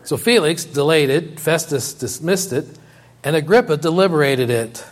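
At normal speed and with lively intonation, a man preaches from scripture, reading passages and paraphrasing them. His voice climbs high and loud in quotes, sinks low and quiet for emphasis, and returns to key phrases again and again.

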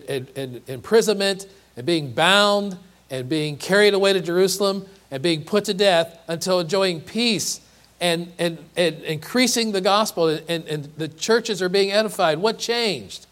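A man's voice: high voice, measured pace, fairly bright tone. A man preaching a sermon, earnest and emphatic, often repeating and restarting words and asking rhetorical questions. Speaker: pastor.

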